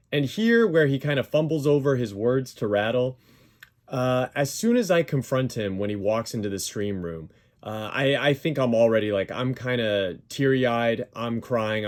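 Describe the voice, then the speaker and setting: Emphatic man rebutting claims point by point. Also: medium pitch. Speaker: YouTuber responding to a dispute. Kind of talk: commentary over played clips.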